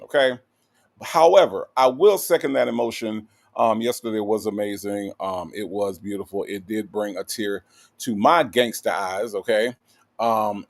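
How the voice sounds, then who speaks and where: Playful man hosting a livestream chat. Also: on the low side. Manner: animated, playful, with lots of "okay?" tags and fillers. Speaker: livestream host. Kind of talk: casual livestream chat reading comments.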